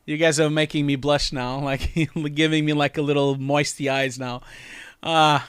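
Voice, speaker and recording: A man's voice: fairly high pitch, little pitch movement, moderate pace, a bit bright, smooth, no echo. A man in his forties hosting his own livestream, chatty and emotional, laughing often as he reads messages. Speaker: channel host. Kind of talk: casual livestream chat.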